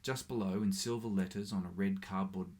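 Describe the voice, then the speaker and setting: A man reading a short story aloud in a steady, measured way. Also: low voice. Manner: steady, measured, with small slips. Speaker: reader.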